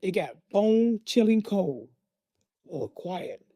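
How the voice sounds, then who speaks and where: A man with a high voice tells a personal story with vivid, dramatic pacing. He is recorded close in a dry room with no echo. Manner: animated, vivid, dramatic pauses.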